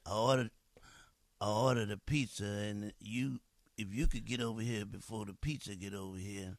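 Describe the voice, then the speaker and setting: A man voicing a sleazy middle-aged male ex who leaves voicemails, smooth-talking and chuckling through his lines. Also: fairly low pitch, fairly even intonation, normal speed, no room sound, natural voice. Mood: coaxing, sleazy. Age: 50s.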